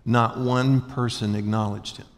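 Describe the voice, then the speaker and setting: A man's voice: mid-range voice, steady tone, measured pace. Man, pastor; casual joking sermon, calls on the crowd to repeat lines, big echoey church. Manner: folksy, joking, asks the congregation to repeat after him. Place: large church hall before a congregation.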